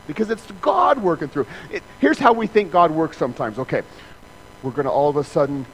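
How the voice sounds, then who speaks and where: A male pastor preaches with a lively voice that swings high and low, slipping into little acted scenes and sound effects as he goes. He checks in with "right?" again and again, and a faint hum of noise sits under the recording. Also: low-quality recording. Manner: conversational, asks "right?" often. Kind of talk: sermon.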